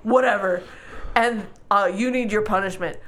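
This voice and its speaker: A woman co-hosting a podcast, recapping a book in casual chat, animated and laughing often. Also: mid-range voice, normal speed. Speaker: podcast co-host.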